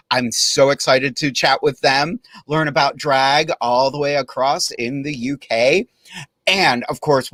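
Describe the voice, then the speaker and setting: A man's voice: a little high, fairly bright tone, no room sound. A man hosting a podcast as a drag performer, chatting casually and joking with frequent laughs. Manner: jokey and chatty, laughs at own jokes.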